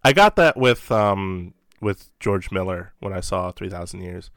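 A man's voice: low-pitched, animated, a little slow, fairly bright tone, no room sound, clean studio sound. A man co-hosting a casual film podcast, making joking, wry asides. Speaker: podcast co-host. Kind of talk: casual chat.

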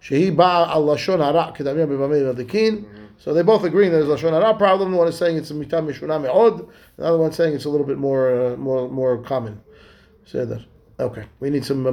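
A man, a rabbi, teaching a Talmud class, reading the text slowly and then explaining it in lively, halting English. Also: medium pitch, vocal fry.

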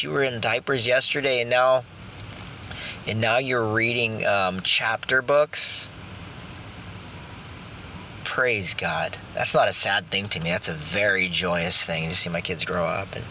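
A man in his thirties hosting a casual faith podcast, talking in halting bursts with restarts and slowed, drawn-out emphasis. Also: lowish voice, animated, sharp tone, slight background noise. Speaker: podcast host. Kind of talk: casual devotional podcast talk.

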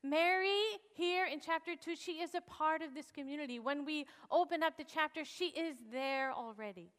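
A woman pastor preaching a sermon and telling a personal story in an animated, expressive way. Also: high-pitched, normal speed, long reverb tail.

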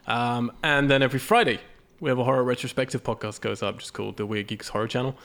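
A man hosting a casual podcast, his voice hoarse and raspy from a recent illness, talking in a loose, rambling way and laughing often. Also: medium pitch, fairly even intonation, fast talker, fairly bright tone. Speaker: podcast host.

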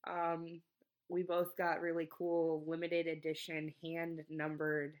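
A man co-hosts a comedy podcast in casual chat, giggling often and hesitating with lots of ums. His voice is a little high and smooth, slow and completely flat in delivery.

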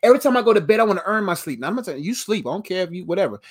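A man in his thirties delivers a motivational talk in a fairly high voice. He drives each point home through repetition with a preacher-like cadence. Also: big pitch swings, racing, breathy edge. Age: 30s. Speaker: motivational speaker.

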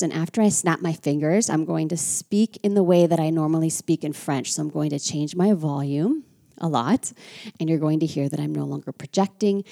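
A woman's voice: deep voice, gravelly, warm tone. An American woman giving a chatty, reflective talk as a French culture teacher. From United States. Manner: chatty and reflective, with frequent asides. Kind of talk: casual teaching monologue.

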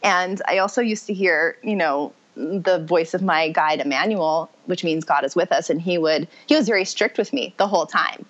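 A woman's voice: fairly low pitch, normal speed, hardly any pauses. A woman guest telling her life story in conversation, rambling and correcting herself as she goes. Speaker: podcast guest. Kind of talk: personal testimony in conversation. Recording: muffled lo-fi audio.

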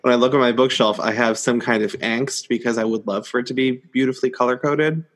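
A man's voice: medium pitch, fairly even intonation, fast. A man co-hosting a casual book chat, chatty and laughing often. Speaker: podcast co-host.

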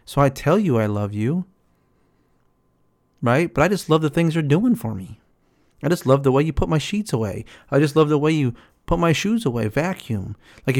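Guy ranting about love n relationships, keeps repeating, pops into higher voices for quotes. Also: a little mellow. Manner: repetitive, emphatic, acts out quotes in a higher voice. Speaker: relationship commentator. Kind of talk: casual monologue on relationships.

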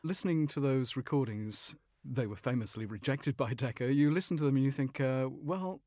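British male music journalist, mid-pitched, explanatory chat, dry booth sound. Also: darkish tone, no room sound. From Britain. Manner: measured storytelling, explanatory. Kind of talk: conversational discussion.

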